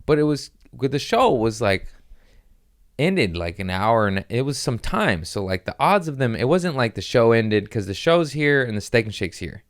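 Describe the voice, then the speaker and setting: In a mid-range voice at normal speed, a podcast host tells rambling, animated stories during casual chat, acting out what others said. The studio-quality recording has no echo.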